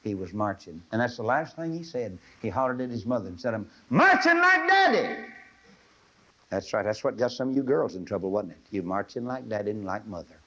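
A man's voice: fairly low pitch, lively intonation, quick pace, few pauses. A man preaching a fervent, folksy sermon to a live audience, swelling into emphatic pleading. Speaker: radio preacher. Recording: dull lo-fi old radio broadcast.

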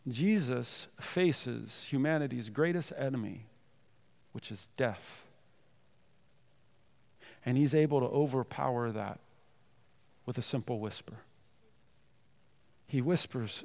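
Gravelly-voiced man preaching a sermon. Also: mid-range voice, takes it slowly, long pauses. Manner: earnest preaching, reading scripture loudly then dropping to soft tender tones. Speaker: pastor.

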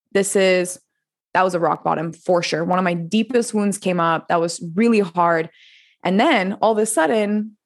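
A woman in her twenties, a coach and podcast guest, telling her story in a rambling, animated way with frequent laughs and restarts. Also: mid-range voice. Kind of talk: casual interview storytelling.

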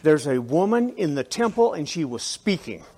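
A male pastor preaching a sermon in a conversational, animated way, with asides to the congregation and frequent restarts. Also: on the high side, moderate pace.

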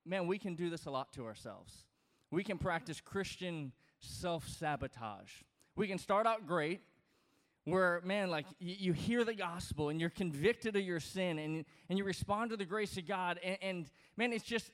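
A man from Louisiana, preaching a sermon in a relaxed, joking way with many fillers and restarts. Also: sits high. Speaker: pastor. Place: large church auditorium. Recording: reverberant hall.

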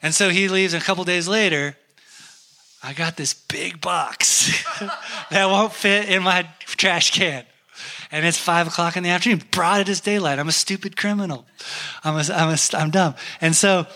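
Bright-toned man preaching a personal story. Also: a little high, moderate pace. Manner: candid, self-deprecating storytelling. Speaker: pastor.

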